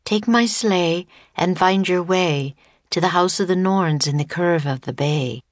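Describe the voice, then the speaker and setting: A woman voicing a calm, mysterious young girl who speaks in an old-fashioned, measured way. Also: fairly low pitch, no room sound, close to an everyday voice.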